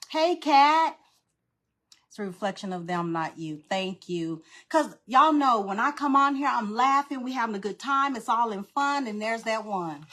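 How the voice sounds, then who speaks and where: A woman's voice: medium pitch, fairly bright tone. Chatty woman hosting a live craft stream. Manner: chatty, greets viewers by name, repeatedly says she is nervous; informal, uses "y'all" and "girl". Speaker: craft livestream host. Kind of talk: casual live craft demo chat.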